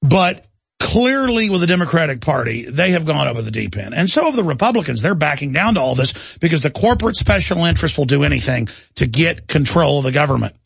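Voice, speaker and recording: A man's voice: fairly high pitch, very animated, a little fast, gravelly, breathy edge, dry recording. A man hosting a talk radio show, speaking in an impassioned, ranting way as he takes calls. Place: radio studio.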